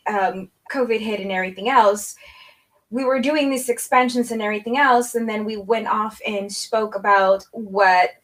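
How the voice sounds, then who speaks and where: A woman's voice: medium pitch, low-quality recording. A woman joining a casual live online chat over a video call, telling a story in long run-on sentences.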